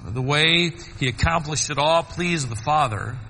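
A man preaching a sermon, swinging between soaring emphatic peaks and quiet low asides. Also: a little slow, big-room sound, a little hiss or hum, poor audio.

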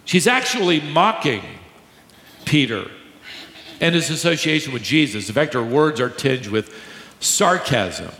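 A man preaching a sermon to a congregation, teaching emphatically, slowing down to stress key words and joking with the crowd. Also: a little high, very animated, a bit bright. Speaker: pastor. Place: large church hall with a live congregation. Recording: echoey hall, long reverb.

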